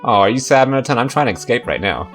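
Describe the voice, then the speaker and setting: A man's voice: medium pitch, expressive, fast, a bit bright, soft background music. A man hosting a let's play, giving jokey, sarcastic running commentary as he plays. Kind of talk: casual game commentary.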